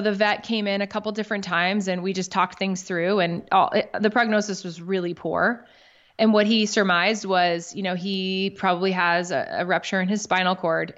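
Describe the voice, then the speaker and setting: A woman's voice: medium pitch, a bit bright. Candid woman telling a heartfelt story. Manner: candid, emotional, swears casually. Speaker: podcast guest. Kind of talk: personal storytelling in conversation. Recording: dull lo-fi audio.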